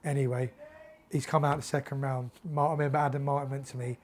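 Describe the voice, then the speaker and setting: A man, a former boxer chatting as a podcast guest, telling lively anecdotes, acting out what others said and swearing casually. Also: medium pitch, fast talker, a little hiss or hum. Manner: animated anecdotes, acts out quoted dialogue, swears freely. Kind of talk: casual storytelling chat.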